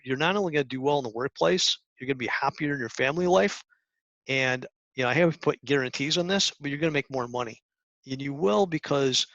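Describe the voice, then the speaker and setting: A middle-aged man giving a talk to high school students, coaching earnestly with restarts and acted-out examples. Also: fairly bright tone, dry recording. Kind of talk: presentation talk. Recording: dull lo-fi sound.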